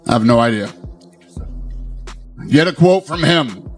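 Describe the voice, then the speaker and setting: A man's voice: mid-range voice, animated, measured pace, faint music behind. Brief: man at press conference, blunt, fed up, swears freely. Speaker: promoter answering press.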